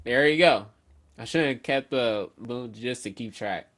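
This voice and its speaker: A man's voice: medium pitch, a little slow, a bit bright. A man giving a casual, rambling chapter review with many fillers and some casual swearing. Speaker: manga reviewer.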